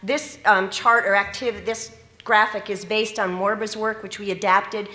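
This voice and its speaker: A woman's voice: mid-range voice, fairly even intonation, a little slow, pushed and bright. A middle-aged woman, a teacher educator, giving an earnest conference talk and asking the audience questions. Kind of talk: conference presentation. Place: conference hall. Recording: echoey conference room.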